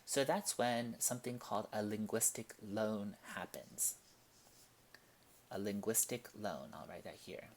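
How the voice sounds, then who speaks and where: Slow-paced male language teacher. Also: on the low side, a little hiss or hum. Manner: slow, deliberate explanations with Spanish examples. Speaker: Spanish teacher. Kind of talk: classroom-style language lesson.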